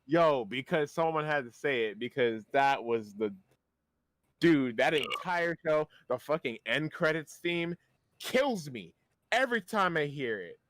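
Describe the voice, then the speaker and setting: A man's voice: a little high, expressive, a little slow, fairly bright tone, dry recording. A young man co-hosting a podcast, chatting casually, swearing a lot and laughing easily. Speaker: podcast co-host. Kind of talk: casual chat.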